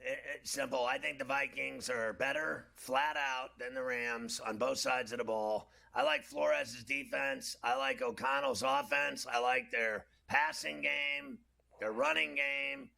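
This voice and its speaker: Gravelly, sharp-toned outspoken male co-host. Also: medium pitch, expressive, a little slow. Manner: blunt, incredulous, opinionated. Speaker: sports betting show co-host. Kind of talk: opinionated sports talk.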